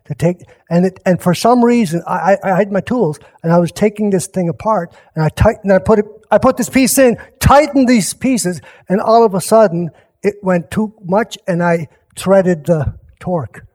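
A man's voice: high-pitched, normal speed, a little mellow. A man who is a pastor, telling a rambling personal story in a casual sermon, often restarting and talking straight to his listeners. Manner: rambling, self-interrupting, chuckling asides to listeners.

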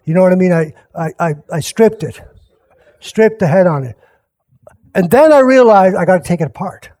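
A pastor with a notably high, slightly mellow male voice tells a meandering everyday story as a casual sermon, animated and at normal speed. He rambles, stumbles, interrupts himself, restarts, and keeps turning to his listeners with chuckling asides.

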